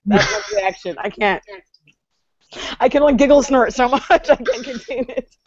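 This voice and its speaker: A woman co-hosting a podcast, chatting casually, animated, laughing often and swearing freely. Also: a little high, moderate pace, muffled recording. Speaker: podcast co-host. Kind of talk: casual group chat on a video call.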